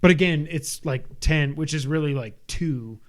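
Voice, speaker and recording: A man's voice: on the high side, normal speed. A man co-hosting a podcast, chatting casually about a video game with lots of fillers and restarts. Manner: rambling, animated, frequent fillers and restarts. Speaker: podcast co-host. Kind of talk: casual gaming chat.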